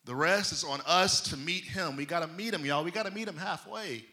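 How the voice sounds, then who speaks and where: A pastor with a high, very bright and cutting voice preaches briskly, hammering each point with emphasis. He addresses the congregation directly in a loose, folksy, conversational way, as if mid-sermon.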